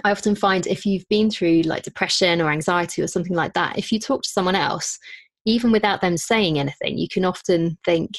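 Chatty woman, low voice. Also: a little fast, dry recording. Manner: chatty, self-deprecating, with frequent restarts and quoted asides. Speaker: podcaster and business owner. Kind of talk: casual interview chat.

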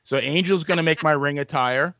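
Bright-voiced man joking as host. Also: fairly high pitch, brisk, dry recording. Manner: joking, upbeat. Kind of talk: casual chat.

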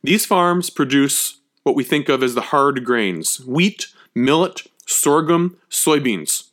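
A man's voice: medium pitch, lively intonation, slow pace, fairly bright tone. A man giving a history lecture, emphatic and conversational, checking in often with his listeners. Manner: emphatic, checks in with frequent "okay?".

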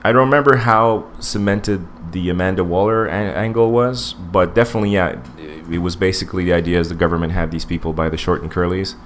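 Deep-voiced rambling podcast man. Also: fairly quick, hardly any pauses, slight background noise. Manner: rambling, digressive, many fillers and restarts. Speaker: podcast co-host. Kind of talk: casual podcast movie review.

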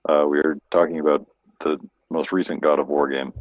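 A man with a very deep, gravelly voice chats as a returning podcast guest. His pitch moves widely, and the recording sounds somewhat muffled. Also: fairly even intonation, fairly quick, no room sound. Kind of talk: casual chat.

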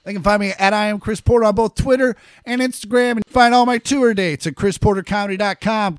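Swearing man with a high, smooth voice. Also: fairly quick, hardly any pauses, dry recording, clean studio sound. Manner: swears a lot, rants in mock anger. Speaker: podcast host and comedian. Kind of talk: casual chat.

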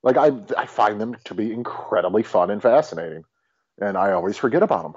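A man co-hosting a movie podcast, joking and swearing casually in relaxed chat. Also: lowish voice, fast talker, husky, lo-fi sound. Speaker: podcast co-host.

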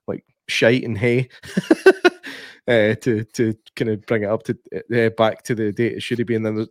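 A man's voice: medium pitch, dry recording. Dry-sounding chatty Scottish man. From Scotland. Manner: chatty, laughs often, many fillers and restarts. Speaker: podcast co-host. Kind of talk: casual film chat.

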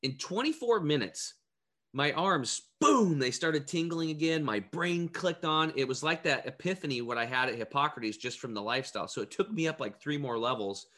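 Man, health coach, bright forceful voice, animated casual storytelling. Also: on the high side, normal speed. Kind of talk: casual chat.

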